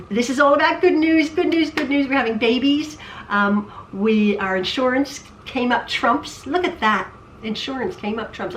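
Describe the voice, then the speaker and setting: Woman vlogger, high-ish voice, talks on and on with restarts; echoey, mic at a distance. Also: fairly bright tone, slight background noise. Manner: rambling, repeats herself, stammers. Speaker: quilting vlogger. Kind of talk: casual chat. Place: home sewing room. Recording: roomy, off-mic.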